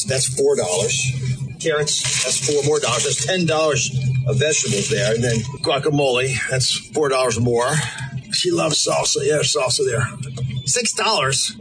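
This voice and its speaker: A man's voice: mid-range voice, normal speed, low-quality recording. A man talking casually in a campaign video, griping about prices as he shops. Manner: chatty, complaining about prices. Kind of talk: casual selfie-video talk. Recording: video clip with music underneath.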